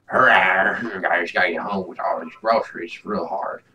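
A young man giving loud, swearing let's play commentary, swinging between shouts and mumbles. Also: deep voice, steady tone, moderate pace, a little hiss or hum, low-quality recording. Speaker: gaming YouTuber.

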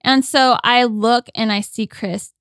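A woman guest on a podcast, telling a personal story in a casual, animated way and acting out quoted lines. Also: on the high side, unhurried, no room sound, clean studio sound.

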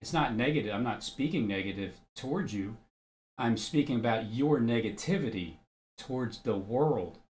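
A man's voice: mid-range voice, expressive, moderate pace, darkish tone. A man giving casual religious commentary, blunt and argumentative, who swears freely and reads scripture aloud.

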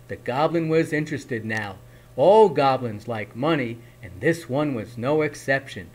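A man reading a picture book aloud in a slow, expressive storytelling manner. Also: mid-range voice. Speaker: reader.

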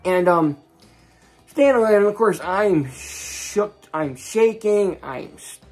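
A man's voice: high-pitched, animated, takes it slowly, faint music behind. A young man telling a personal story in a casual vlog, rambling along with many restarts and voicing the people he talks about. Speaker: vlogger.

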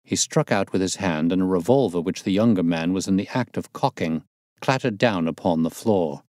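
Low-voiced man narrating a story. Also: moderate pace, darkish tone, no room sound, clean studio sound. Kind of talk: scripted narration.

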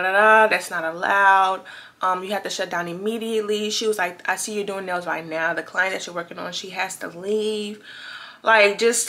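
A twenty-year-old woman from Louisiana, telling a story in a chatty, animated vlog to her viewers. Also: medium pitch. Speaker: vlogger.

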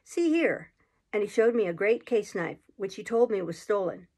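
A woman's voice: mid-range voice, fairly quick, a little mellow, slightly rough. Woman reading a classic novel aloud. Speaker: reader.

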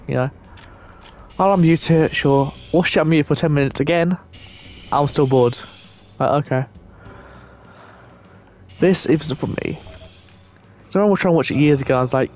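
A man's voice: fairly high pitch, normal speed, pauses often, a little mellow, soft background music. A young man rambling casually and swearing now and then as he plays a game and chats with viewers. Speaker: gaming channel host. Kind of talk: casual gameplay commentary.

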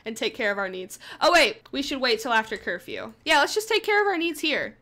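Bright, lively young woman gaming. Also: high-pitched, fairly quick, hardly any pauses. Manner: playful, excitable, chanting repeated commands. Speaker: gaming video host. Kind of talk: casual gameplay commentary.

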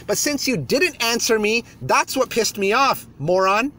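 A man's voice: extremely high pitch, normal speed, hardly any pauses, sharp tone. A man on his YouTube channel, ranting heatedly and hurling insults from a parked car. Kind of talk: angry rant video.

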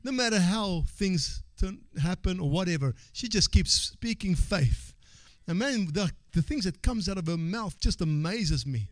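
High-voiced preaching man, shouting and hushing. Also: expressive, unhurried, hardly any pauses, dry recording. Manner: swings from quiet asides to shouted call-and-response exhortation; repeats phrases and calls for amens. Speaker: pastor. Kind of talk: sermon.

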